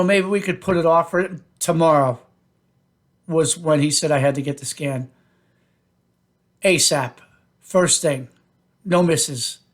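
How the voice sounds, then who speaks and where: A man hosting his own podcast, telling a personal story in a halting way with many fillers and restarts. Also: on the high side. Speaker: podcast host.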